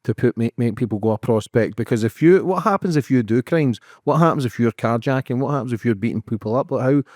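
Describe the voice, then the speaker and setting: A man hosting a podcast, asking curious, quick follow-up questions in a casual interview. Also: mid-range voice, a little mellow, no room sound, studio quality. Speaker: podcast host.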